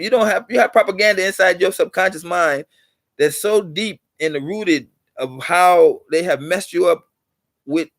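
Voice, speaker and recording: A man's voice: fairly high pitch, dry recording. A man hosting a vlog who talks in a preachy, repetitive way, driving points home with allegorical stories. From United States. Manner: preachy, repeats points for emphasis. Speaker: channel host. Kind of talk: motivational vlog talk.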